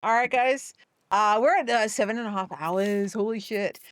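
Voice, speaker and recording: A woman's voice: medium pitch, moderate pace, no echo. Chatty young woman streaming live. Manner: chatty and rambling, talking to chat. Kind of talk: casual live gameplay stream chat.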